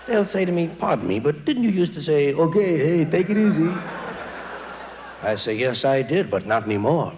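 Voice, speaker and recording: A man in his forties performing stand-up comedy in a large theater, with a wry, sardonic delivery and quick mock voices. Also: mid-range voice, very animated, darkish tone. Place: large theater stage before a live audience. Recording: live theater recording with audience noise.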